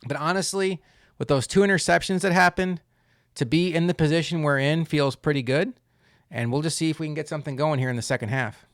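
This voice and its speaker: A man giving casual commentary while playing a football video game, wry and quick to complain, then cheering loudly on big plays. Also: fairly high pitch, dry recording, studio quality. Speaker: gaming channel host.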